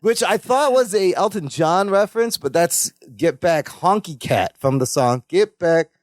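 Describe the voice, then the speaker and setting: A man's voice: sits high, unhurried, no echo, clean studio sound. A man co-hosting a podcast, chatting casually as he recaps a sitcom episode and playfully acts out the characters' lines. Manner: animated, acts out quoted lines in playful voices. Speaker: podcast co-host.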